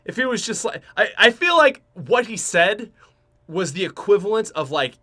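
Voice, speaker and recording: A man's voice: sits high, big pitch swings, normal speed, bright, forceful tone. A young Canadian man with a Canadian accent hosting a podcast, telling a story in a rambling way with many fillers and restarts. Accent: Canadian English. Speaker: podcast host. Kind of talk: casual storytelling.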